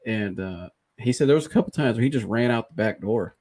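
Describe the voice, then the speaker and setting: A man hosting a podcast, casually and candidly retelling a personal experience in an animated, conversational way. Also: lowish voice, brisk. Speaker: podcast host.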